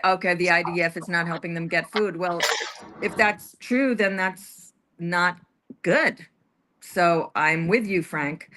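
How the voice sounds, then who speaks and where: A woman with a mid-range, slightly bright voice chats casually on a livestream. Her talk rambles and hesitates, with many restarts.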